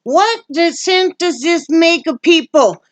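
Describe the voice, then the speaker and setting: A woman's voice: expressive, slow pace, no echo, exaggerated voice. A woman putting on a playful, exaggerated mock-Italian voice that drifts off into some other accent. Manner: playful, high and sing-song, accent drifting.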